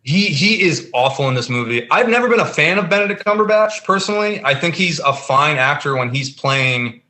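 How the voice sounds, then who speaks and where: Man, podcast co-host, bright tense voice, emphatic, rambling, filler-heavy. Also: fairly high pitch, animated, brisk, slight background noise. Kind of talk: casual film review chat.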